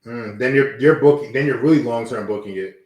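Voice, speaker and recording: A man chats casually as a podcast co-host and jumps into quick acted-out lines. His voice sits at a middle pitch. The room gives it a noticeable echo. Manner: animated, acts out wrestlers in quick voices. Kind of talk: casual wrestling chat.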